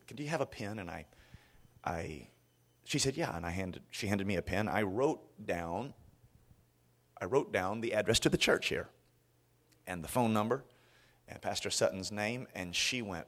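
A man's voice: on the low side, unhurried, pauses often. A man from Florida preaching a sermon as a guest preacher, telling stories with lots of restarts. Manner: animated storytelling with frequent restarts.

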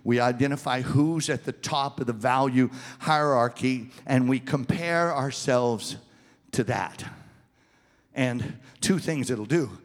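A man preaching a sermon, swinging from loud, fervent passages to low, quiet asides and asking the congregation questions. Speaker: pastor. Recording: long reverb of a large hall.

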